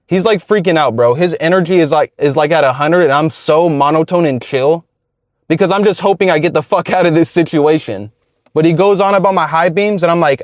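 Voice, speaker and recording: A man in his twenties telling a story from his life in a relaxed, slangy, profane way. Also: a little high, brisk, no echo, studio quality. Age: 20s. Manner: laid-back, profane, slangy. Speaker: YouTuber. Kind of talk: casual storytelling vlog.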